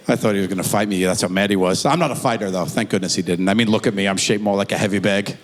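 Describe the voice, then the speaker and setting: A man performing live stand-up on a theatre stage, telling stories with animated energy and acting out characters. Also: fairly low pitch, quick pace, slight background noise. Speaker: stand-up comedian. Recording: live theatre with long reverb.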